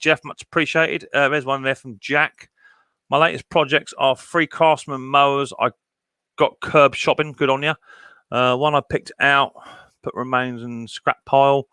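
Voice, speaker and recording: A man's voice: mid-range voice, bright, forceful tone, no echo. A man hosting a casual live stream, reading out chat and greeting viewers by name with chummy banter.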